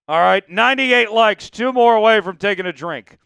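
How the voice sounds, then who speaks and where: A man's voice: high-pitched, moderate pace, vocal fry, few pauses, pushed and bright, smooth, dry recording. Hyped man hosting a sports livestream. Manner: hyped, pleading with viewers, mock outrage. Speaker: livestream sports show host. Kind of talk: casual live-stream chat.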